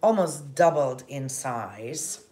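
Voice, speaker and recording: Brief: woman cooking-show host, low voice, unhurried, gentle and chatty. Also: expressive. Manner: gentle, chatty, laughs often. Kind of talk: casual cooking chat with viewers.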